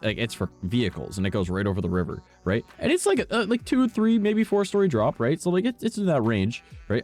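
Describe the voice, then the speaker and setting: Faint game music plays as a young streamer rambles through long stories in casual chat, swearing often, laughing at himself, and ending sentences with "right?" or "all right?". His voice is on the low side with a darkish tone.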